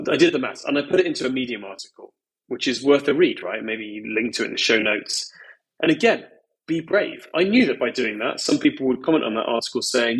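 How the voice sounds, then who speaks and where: A man's voice: medium pitch, animated, fairly quick, a bit bright, breathy edge, poor audio. A man, a venture investor, speaking candidly and emphatically as a podcast guest, with many "you know"s and "like"s. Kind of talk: podcast conversation.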